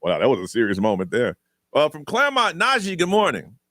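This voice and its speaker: A man's voice: fairly high pitch, wildly swooping pitch, fairly quick, bright, forceful tone, dry recording. A man hosting a morning radio show in the studio, playfully teasing callers and laughing. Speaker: radio host.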